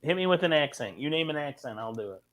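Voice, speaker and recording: A man's voice: fairly high pitch, lively intonation, fast, fairly bright tone, slight background noise. A man joking around as a panelist in a casual chat. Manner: jokey, playful.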